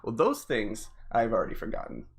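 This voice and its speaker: A man's voice: lowish voice, wildly swooping pitch, fairly quick, gravelly. An American man co-hosting a podcast in casual chat, rambling and restarting his sentences. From United States. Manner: rambling, repeats words and restarts often. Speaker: podcast co-host.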